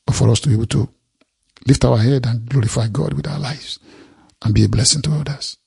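Male preacher, raspy and gravelly, emphatic sermon delivery with repeated phrases. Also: medium pitch, fairly quick, darkish tone. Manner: reads scripture aloud and expounds it.

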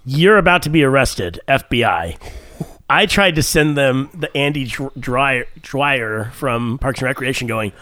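A man's voice: mid-range voice, lively intonation, measured pace, sharp tone, no room sound. A man co-hosting a podcast, telling a story in casual banter and laughing often as he reads out text messages. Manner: laughs often while reading out texts. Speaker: podcast co-host.

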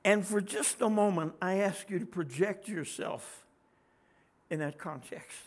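High-pitched raspy middle-aged male preacher. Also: a little slow. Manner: conversational preaching, questions to the congregation. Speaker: pastor. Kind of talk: sermon.

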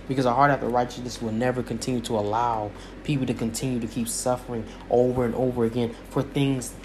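Man, mid-pitched, emphatic commentary with repeated phrases, faint hiss behind. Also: a little mellow. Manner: repetitive, emphatic, preacher-like cadence. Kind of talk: impassioned spoken commentary.

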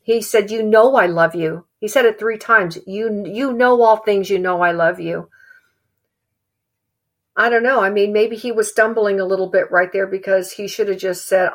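A woman preaching a sermon in an earnest, halting way, repeating phrases for emphasis. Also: medium pitch.

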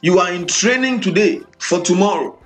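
A man's voice: sits high, moderate pace, soft background music. A man preaching a sermon, building repeated refrains with rhythmic emphasis.

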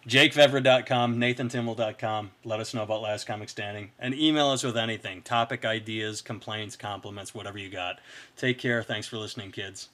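A man's voice: lowish voice, fairly even intonation, a little fast, a bit bright. A man co-hosting a comedy podcast in casual chat, laid-back and dropping wry quips. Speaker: podcast co-host.

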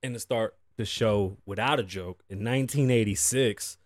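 This Puerto Rican podcast host, in his thirties, keeps things casual and chatty, cursing and sprinkling in Spanish asides. He speaks at a moderate pace in a lowish voice, and the dry recording is studio quality.

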